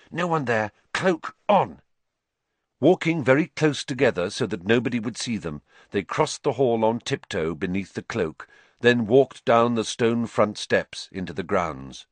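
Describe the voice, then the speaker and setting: A man narrating a storybook as an audiobook, with an expressive, dramatic reading. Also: fairly low pitch, dry recording.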